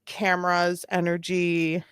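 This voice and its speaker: A woman's voice: on the low side, completely flat delivery, slow, fairly bright tone, smooth, no echo. A woman in her thirties chatting casually as a commentary host, rambling with lots of fillers and frequent laughter.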